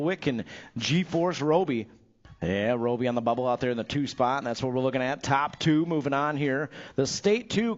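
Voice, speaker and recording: A man announces a live bike race from the booth, his voice sitting a bit high for a man. He is upbeat and playful, hyping riders with nicknames and running jokes. The sound is dull and lo-fi, like a track speaker feed.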